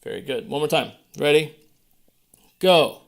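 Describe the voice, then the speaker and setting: Slow, gravelly male piano teacher. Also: on the high side, expressive. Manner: patient, playful, counts beats aloud. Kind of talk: step-by-step piano lesson, counting aloud. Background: piano playing.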